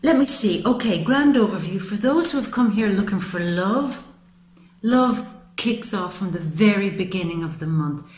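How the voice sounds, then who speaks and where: A woman's voice: mid-range voice, lively intonation, normal speed, a little mellow, slight background noise. Affectionate woman tarot reader, roomy sound. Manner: affectionate and gushing toward viewers. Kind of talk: monthly tarot reading to camera.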